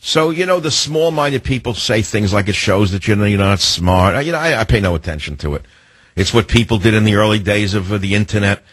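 A man hosting a late-night call-in radio show, talking in a rambling, emphatic monologue with a husky voice. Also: lowish voice, fast, a bit bright, no room sound. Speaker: radio talk show host. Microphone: studio microphone.

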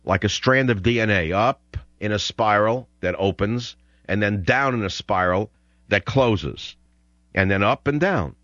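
A man's voice: fairly low pitch, measured pace, a bit bright, no echo, highs cut off. Older man ranting on talk radio. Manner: combative, rambling, ranting. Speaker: radio talk show host. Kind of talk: opinionated radio monologue.

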